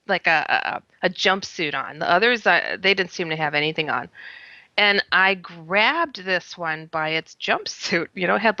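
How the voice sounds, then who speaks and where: A guest with a bright, forceful, mid-range voice tells a strange encounter in the first person, in lively, expressive bursts, laughing at times and acting out her own quoted lines. The audio is slightly muffled and lo-fi, dry and close with no room sound.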